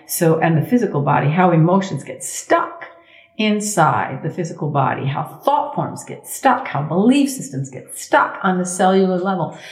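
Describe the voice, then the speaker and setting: A middle-aged woman, a sound healer speaking as a guest in a conversational interview, expressive and emphatic, leaning on slow repetitions. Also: on the low side, roomy sound. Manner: expressive, acts out inner thoughts in quoted voices.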